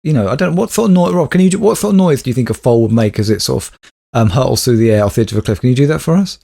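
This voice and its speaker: A man's voice: medium pitch, lively intonation, racing, gravelly, dark tone. A British man co-hosting a comedy podcast, playful and teasing. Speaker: podcast co-host. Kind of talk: casual comedic chat.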